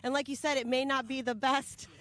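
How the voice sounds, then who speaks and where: A woman's voice: high-pitched, level tone, brisk, a bit bright. A woman interviewing a racer outdoors at an off-road event, effusive and friendly, sometimes fumbling for words. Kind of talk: casual trackside interview. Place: outdoors at an off-road race park.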